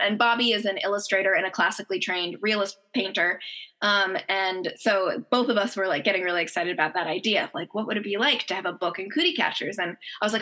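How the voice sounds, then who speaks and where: A woman's voice: medium pitch, brisk, bright, forceful tone. A woman author chatting enthusiastically in an interview, with frequent fillers. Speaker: novelist guest. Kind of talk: casual interview chat.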